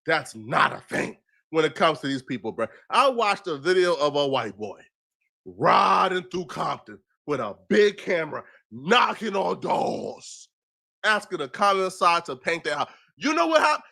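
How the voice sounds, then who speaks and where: Bright-voiced man ranting mockingly. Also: a little high, big pitch swings, unhurried, creaky. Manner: preachy, mocking, emphatic rhetorical questions. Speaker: commentator in a played clip. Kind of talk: ranting social commentary.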